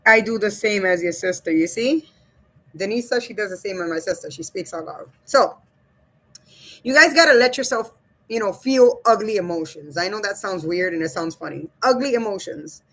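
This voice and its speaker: A woman with a mid-range voice runs a casual livestream at a moderate pace, reading viewer comments out loud and addressing her chat directly. She's animated, blunt and loose, swearing and laughing along the way.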